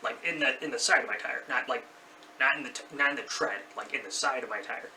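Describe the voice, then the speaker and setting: Bright-voiced man rambling through a story. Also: mid-range voice, fast. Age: 30s. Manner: rambling, loses track and corrects himself. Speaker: vlogger. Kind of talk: casual personal storytelling. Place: his bedroom. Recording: slightly distant mic, faint background noise.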